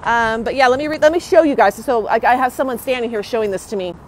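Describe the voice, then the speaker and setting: A woman's voice: on the high side, fast talker, a little hiss or hum, low-quality recording. A young woman livestreaming on her phone outdoors, agitated and indignant, hurrying along and repeating herself. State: hurried, walking outdoors. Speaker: citizen livestreamer. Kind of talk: live phone stream. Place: outdoors near a courthouse. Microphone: phone held in hand.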